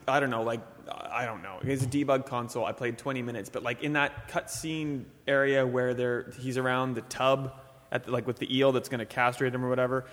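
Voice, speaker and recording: Australian man, podcast co-host, rambling, teasing, bright tense voice, roomy echo. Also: medium pitch, steady tone, brisk. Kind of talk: casual chat.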